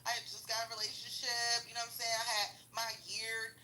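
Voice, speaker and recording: A woman with a very bright, sharp, forceful voice rants casually about her past. She is blunt and profane, heavy on slang, and laughs through her own stories. A faint hiss sits behind her. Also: a little high, monotone, a little fast, low-quality recording. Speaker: vlogger. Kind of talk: casual storytelling rant.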